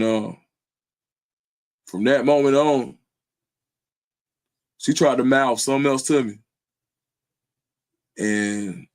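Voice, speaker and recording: A man with a mid-range, slightly mellow voice hosts his own livestream. The talk is casual and heartfelt, delivered in an earnest, loose manner packed with slang fillers.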